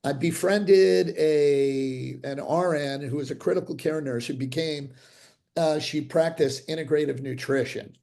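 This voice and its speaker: An older dentist with a gravelly, slightly high-set voice talks through a video call. He tells his stories animatedly and restarts sentences often. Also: measured pace. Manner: animated, acts out quoted voices, frequent restarts. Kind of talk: interview storytelling.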